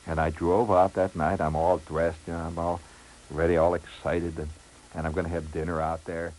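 A man's voice: low-pitched, level tone, normal speed, a little mellow, slight background noise, rough recording. A middle-aged man telling a comic first-person story in a wry, rambling way with lots of asides. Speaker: radio storyteller.

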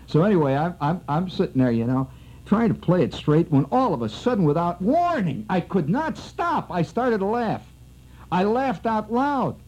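A man spins a rambling comic story with a wry edge, his voice swinging widely and shooting up when he gets worked up. His tone is mellow and dark, and the sound is dull and lo-fi, like an old radio recording with faint music behind. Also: normal speed. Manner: rambling, wry, leaps high when excited. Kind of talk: animated spoken storytelling.

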